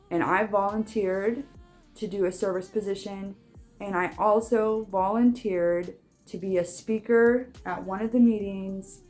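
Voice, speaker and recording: A woman's voice: medium pitch, darkish tone. A young woman talking casually in a vlog, chatty and rambling, with frequent restarts. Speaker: vlogger.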